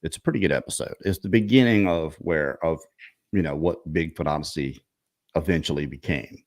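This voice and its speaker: A man with a remarkably deep, low-pitched voice tells a story in relaxed conversation. He rambles, restarts his sentences and clears his throat often as he goes. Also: fairly quick. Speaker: show host and researcher. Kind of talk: casual storytelling chat.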